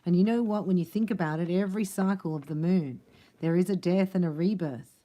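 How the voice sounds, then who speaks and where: A woman's voice: lowish voice, a little fast, dark tone. A woman doing a casual tarot reading, chatty and rambling, with frequent laughs between her thoughts. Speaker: tarot reader.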